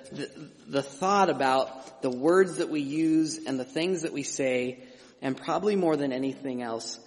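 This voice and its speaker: A middle-aged man preaching a sermon as pastor, conversational and emphatic, with frequent restarts and asides. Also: mid-range voice. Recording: long hall reverb.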